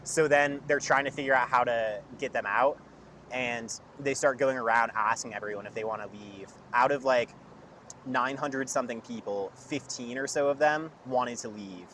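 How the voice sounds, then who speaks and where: A young man tells a long story in loose, casual chat, packing his sentences with "like". His voice sits at an ordinary middle pitch. Faint traffic noise hums behind him. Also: normal speed, fairly bright tone. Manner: rambling storyteller, heavy use of "like". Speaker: podcast guest.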